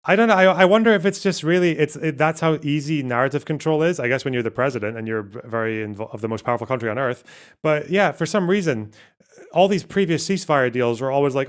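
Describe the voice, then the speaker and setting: A man streaming live, commenting casually on the news, swearing and laughing often, reading out translated lines as he goes. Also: medium pitch. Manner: casual, profane, laughs often, self-mocking; reads translations aloud haltingly.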